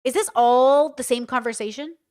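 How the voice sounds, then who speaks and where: A young woman reacting live to a video for her stream chat, blunt and animated, swearing freely as she talks it through. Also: high voice, normal speed. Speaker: commentary streamer.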